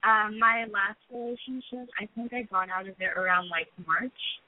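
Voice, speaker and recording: A hesitant young woman in her early twenties calls in over a tinny phone line, dry and close. She speaks softly, pausing often and filling gaps with ums and likes. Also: mid-range voice, dry recording. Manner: hesitant, filler-heavy, soft-spoken. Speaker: caller. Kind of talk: phone call to a podcast.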